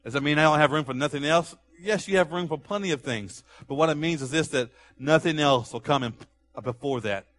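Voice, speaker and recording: Bright-voiced male preacher. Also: on the high side, fairly quick. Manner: conversational, emphatic preaching. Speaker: pastor. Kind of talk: sermon.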